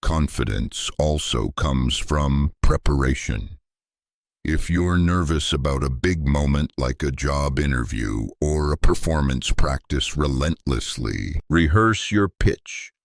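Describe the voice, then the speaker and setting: A man delivering a scripted motivational speech in a slow, deliberate, emphatic way. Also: very deep voice, expressive, creaky, dry recording, clean studio sound. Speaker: motivational speaker.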